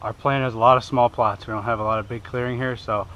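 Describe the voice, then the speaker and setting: A man's voice: medium pitch, fairly even intonation, fast, fairly bright tone, muffled recording. A man hosting an outdoor hunting vlog, talking in a plain-spoken, easygoing and self-deprecating way. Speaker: hunting show host. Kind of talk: casual outdoor vlog narration. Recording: clear road and outdoor noise.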